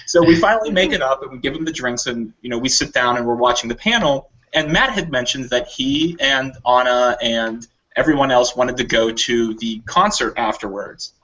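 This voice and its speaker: Bright-voiced man telling a lively story. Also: moderate pace, few pauses. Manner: animated storyteller acting out quotes in higher voices. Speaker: volunteer convention staff telling a story. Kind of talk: casual podcast anecdote. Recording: dull lo-fi audio.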